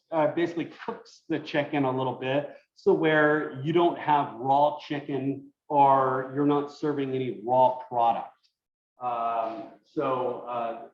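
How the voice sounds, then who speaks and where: A man teaching an online cooking class from his kitchen, explaining loosely with lots of fillers. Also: medium pitch. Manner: relaxed, thinking aloud with many fillers. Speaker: cooking instructor. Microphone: video call. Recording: roomy lo-fi video call audio.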